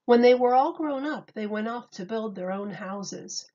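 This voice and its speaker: A woman teacher reading a children's story and explaining a craft, gentle and clear, step by step. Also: a little high, measured pace, dull audio.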